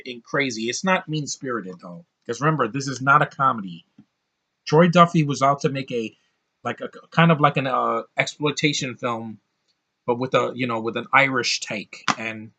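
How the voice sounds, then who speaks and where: A man talks through a movie review in a loose, unscripted vlog. His voice sits at a middle pitch, and his delivery is blunt and ranting. He swears freely and often stops to restart his sentences. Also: fairly bright tone.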